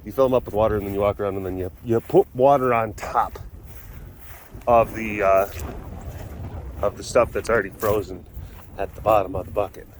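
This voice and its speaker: A man's voice: lowish voice, fairly even intonation, fairly quick, pauses often, slight background noise. A man working as an animal caretaker, chatting casually as he walks the rounds outdoors and laughing often. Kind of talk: casual vlog walkthrough. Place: outdoor animal facility in winter.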